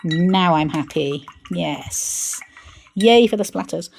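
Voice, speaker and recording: A woman's voice: fairly low pitch, slow, vocal fry, a little mellow, husky. Chatty woman painting live. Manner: chatty, talks to herself while painting, playful. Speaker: art channel host.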